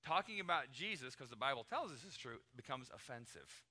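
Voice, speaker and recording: A man's voice: medium pitch, sing-song, brisk, pushed and bright. A middle-aged American man preaching a sermon in a conversational, emphatic way, acting out short everyday dialogues. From United States. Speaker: pastor.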